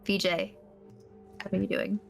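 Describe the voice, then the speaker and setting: Gm lady w a creaky voice, narrating the scene kinda haltingly, lots of ums. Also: medium pitch, fairly even intonation, soft background music. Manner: descriptive, hesitant with many fillers. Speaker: game master. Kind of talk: narrating a tabletop game.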